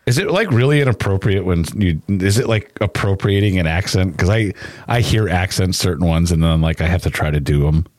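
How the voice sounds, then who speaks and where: A man's voice: low voice, expressive, brisk, a little mellow, dry recording, clean studio sound. A man co-hosting a podcast in casual chat, reading news aloud with running asides. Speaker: podcast co-host. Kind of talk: casual true-crime chat.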